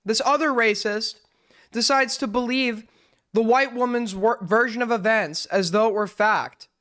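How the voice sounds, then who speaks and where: A man's voice: very high-pitched, unhurried, bright, forceful tone. A man live-streaming casual commentary as he reacts to videos, blunt and sarcastic, swearing freely.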